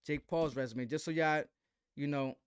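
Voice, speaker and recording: A man's voice: fairly high pitch, steady tone, moderate pace, clean tone, no room sound. A man hosting a live boxing commentary stream, talking in slang with a defensive tone and asking "right?" again and again.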